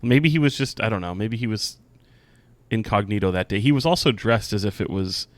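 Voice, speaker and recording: A man's voice: lowish voice, expressive, fairly quick, no echo. A man co-hosting a casual sports podcast, joking and rambling with restarts. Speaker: podcast co-host.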